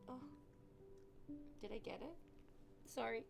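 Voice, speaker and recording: A woman's voice: a little high, slow pace, pauses often. A woman livestreamer chatting casually to her viewers, rambling and gushing, at times cooing baby talk to her cat. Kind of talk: casual chat to stream chat. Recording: music playing clearly behind her.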